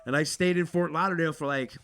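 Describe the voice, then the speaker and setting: A man's voice: a little high, steady tone, quick pace, fairly bright tone. A man co-hosting a podcast, telling a story in casual chat, acting out the people in it and swearing freely. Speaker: podcast co-host.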